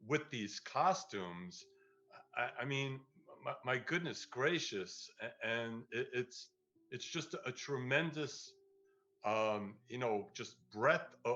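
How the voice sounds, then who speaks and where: Slow, halting man on a dull recording. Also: medium pitch, a bit bright. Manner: halting, stammering, searching for words. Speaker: tribute speaker. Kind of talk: reflective tribute remarks.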